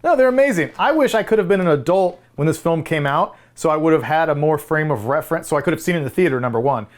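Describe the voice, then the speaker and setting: Male podcast co-host, enthusiastic and opinionated, quick to laugh, casual. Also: on the high side. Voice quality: animated, laughing often. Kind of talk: casual movie review chat.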